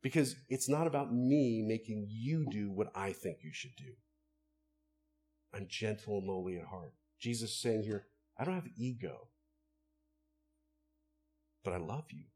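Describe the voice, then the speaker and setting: Husky-voiced man preaching a sermon. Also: fairly low pitch, lively intonation, unhurried, pauses often, dark tone. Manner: earnest, conversational preaching with rhetorical questions. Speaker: pastor.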